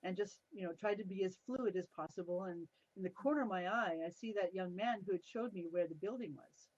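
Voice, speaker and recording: Over dull, dry, lo-fi video-call audio with no room sound, a middle-aged woman with a mid-range voice talks a little fast. As an interview guest, she shares stories with lively energy, laughs frequently, and performs the voices of the people she quotes.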